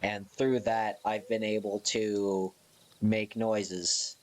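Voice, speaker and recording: A man's voice: fairly low pitch, little pitch movement, slow pace. A young man chatting casually with his stream viewers, sleepy and yawning, giggling between lines. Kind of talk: casual live-stream chat.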